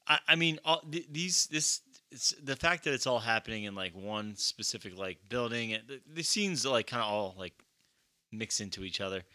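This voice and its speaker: A man's voice: mid-range voice, animated, moderate pace, pushed and bright, no room sound. A young man chatting casually about a movie as a podcast co-host, rambling with lots of fillers and swearing freely.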